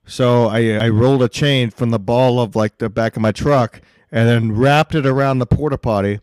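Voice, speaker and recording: A man's voice: medium pitch, fairly even intonation, moderate pace, a little mellow, smooth, dry recording, studio quality. A man hosting a podcast, telling stories in casual chat with a laid-back, swearing manner. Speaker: podcast host.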